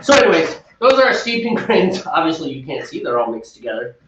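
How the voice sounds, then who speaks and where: Chatty man, lively voice, echoey room. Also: on the high side, a little fast, a little hiss or hum. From United States. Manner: chatty, rambling, laughs often. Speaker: homebrew show co-host. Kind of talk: casual chat. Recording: echoey room, mic far off, dull.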